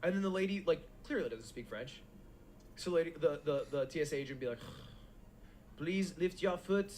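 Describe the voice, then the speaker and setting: A man with a high, lively voice tells an animated story in a relaxed chat. There is a faint hiss of background noise on the recording. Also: quick pace. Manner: animated, laughing, with quoted voices. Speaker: podcast co-host.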